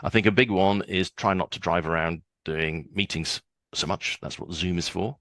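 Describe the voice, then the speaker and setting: A man's voice: low-pitched, moderate pace, a bit bright, no room sound. A man in his sixties, a guest on a podcast interview, chatty and often repeating words as he starts a sentence.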